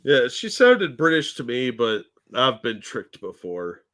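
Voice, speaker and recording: A man's voice: mid-range voice, sing-song, a little slow, pushed and bright. Easygoing man joking on a podcast. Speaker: podcast co-host. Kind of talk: casual podcast chat.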